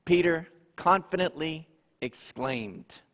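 A man preaching a sermon, telling the story slowly and earnestly with dramatic pauses. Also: on the high side, animated, fairly bright tone. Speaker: pastor. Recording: long hall reverb.

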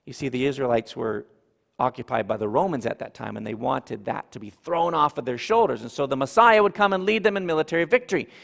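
Animated preacher in a reverberant hall. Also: male voice, mid-range voice, fast talker, gravelly. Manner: animated, emphatic preaching with audience asides. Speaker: pastor. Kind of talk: sermon.

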